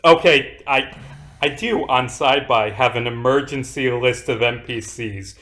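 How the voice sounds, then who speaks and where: A man's voice: medium pitch, unhurried, sharp tone. A man running a tabletop game as dungeon master, rambling and self-deprecating.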